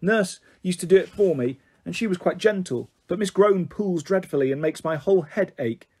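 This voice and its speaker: A man playing a prim, well-bred young girl who pleads anxiously, husky-voiced. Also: sits high, expressive, moderate pace, a little mellow.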